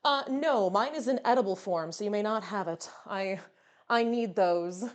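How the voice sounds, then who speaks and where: A woman's voice: medium pitch, normal speed. A woman VTuber streamer chatting casually with her viewers while cooking. She talks playfully and fills her sentences with "um" and "you know".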